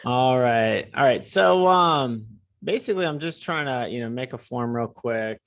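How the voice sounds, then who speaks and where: Gravelly man, dry close sound. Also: mid-range voice, animated, a little slow, a bit bright, no room sound. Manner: informal, slightly flustered. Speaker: user asking a question. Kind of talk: casual call question. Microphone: video call.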